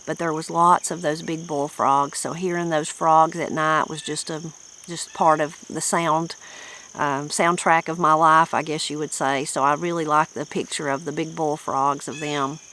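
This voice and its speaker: A woman's voice: low voice, little pitch movement, normal speed, a bit bright, slight background noise, low-quality recording. A woman with a Southern Appalachian accent, a channel host chatting about a book in a folksy, rambling, reflective way. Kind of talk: casual book-discussion chat.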